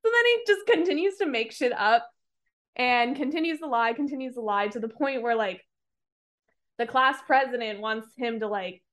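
A woman's voice: fairly high pitch, lively intonation, moderate pace, fairly bright tone. A woman on a podcast retelling a movie plot in casual chat, rambling with lots of fillers and some swearing. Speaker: podcast co-host reviewing a movie.

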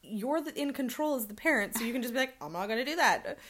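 A pregnant woman co-hosting a podcast, chatting casually in a blunt, sweary and animated way. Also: a little high, quick pace. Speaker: podcast co-host. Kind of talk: casual chat.

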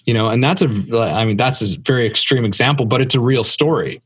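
A man in a relaxed podcast conversation, speaking loosely with frequent "like" and easy laughter. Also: mid-range voice, quick pace, slightly rough, no echo. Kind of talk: casual conversation.

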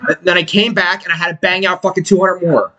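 A man hosting a podcast, ranting loudly in profane, animated casual banter. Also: sits high, quick pace, muffled recording, crowd noise. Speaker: podcast host.

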